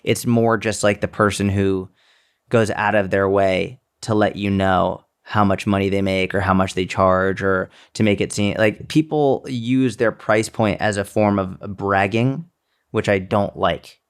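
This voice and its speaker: Low-voiced guy ranting on a podcast, swears a lot, does mocking little voices. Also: steady tone, unhurried, clean tone. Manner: blunt and profane, mocking with quoted voices. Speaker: podcast co-host. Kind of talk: casual chat. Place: seminar speaker, fitness business coach.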